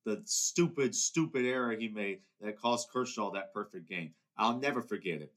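A man's voice: lowish voice, normal speed, fairly bright tone. Heated, rambling young man ranting solo. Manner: rambling and heated, many restarts. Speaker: podcast host. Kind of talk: casual solo monologue.

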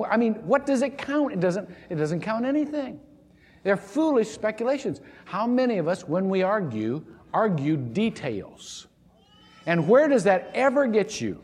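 A husky-voiced male pastor preaches with a lively, swooping delivery that keeps climbing high. His words echo around a church hall with a long reverb tail. He often stumbles and restarts mid-phrase as he drives his points home. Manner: animated preaching, frequent restarts and stammers. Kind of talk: sermon. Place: church sanctuary.

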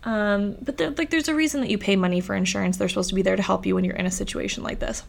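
A woman's voice: mid-range voice, very fast, gravelly. A woman vlogger telling a personal story in a chatty, casual way, with lots of "like". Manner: chatty, uses "like" a lot.

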